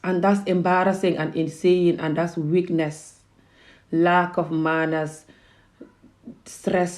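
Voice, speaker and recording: A woman's voice: lowish voice, dark tone. A woman from Gambia ranting heatedly and emphatically in a self-filmed commentary video. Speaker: vlogger.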